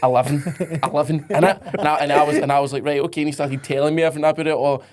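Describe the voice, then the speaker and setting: A man's voice: a little high, little pitch movement, darkish tone. A young Scottish man, a barber, telling anecdotes in casual chat and acting out quotes. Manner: rapid anecdotes with acted-out quotes. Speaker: barber, podcast guest.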